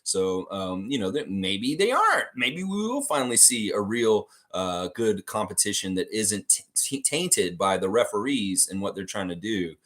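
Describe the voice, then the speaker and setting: A man's voice: on the low side, sing-song, moderate pace, hardly any pauses, fairly bright tone. A man hosting a live sports fan stream, ranting heatedly about coaches, swearing and laughing as he talks.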